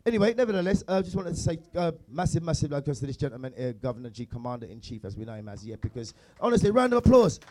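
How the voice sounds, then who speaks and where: A man's voice: on the high side, big pitch swings, racing, hardly any pauses, darkish tone. Boisterous man hyping a radio crowd. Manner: boisterous, half-chanted patter. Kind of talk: rowdy live radio banter and toasting.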